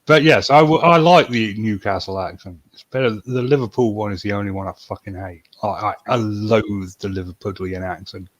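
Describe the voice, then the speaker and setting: A blunt, teasing man chats on a podcast in a lowish voice. His mic is dry and close, with a dull, lo-fi sound. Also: moderate pace, hardly any pauses, no echo. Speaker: podcast co-host. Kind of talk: casual podcast chat.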